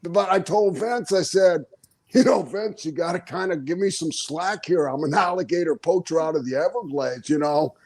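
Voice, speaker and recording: An older man, a retired pro wrestler appearing as an interview guest, tells stories with animation, acting out quotes and laughing often. His voice is on the high side at a normal speed.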